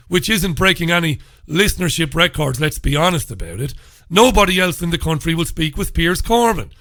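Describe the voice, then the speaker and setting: An Irish man in middle age holds forth on his talk radio show, firing off mocking questions in a sarcastic, ranting flow. His voice sits a touch high and rings bright and forceful. The studio sound is close and dry, with no room around it. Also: no room sound. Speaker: radio host. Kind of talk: solo talk radio commentary.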